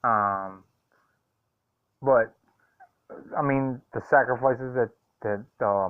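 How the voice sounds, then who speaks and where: A man speaks to his viewers in a halting, sincere way, often pausing on ums and uhs. His voice is smooth and clean. The sound is dry and narrow, like a phone line. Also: mid-range voice, dry recording. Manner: hesitant, full of ums and uhs, heartfelt. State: choked up. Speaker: vlogger. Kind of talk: casual vlog talk.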